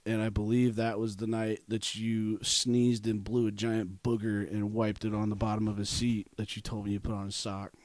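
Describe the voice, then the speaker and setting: A man's voice: lowish voice, normal speed, hardly any pauses, dry recording. Laughing young man telling a wild story. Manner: animated storyteller, acts out quotes, laughs often. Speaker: podcast co-host. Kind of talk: casual storytelling chat.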